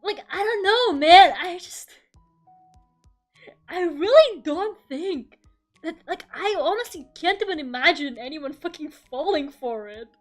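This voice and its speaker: Brief: young female streamer, casual and profane, laughs a lot, high voice. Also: lively intonation, measured pace, faint music behind. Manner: swears freely, laughs often, rambling. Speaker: VTuber streamer. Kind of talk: casual chat during an art stream.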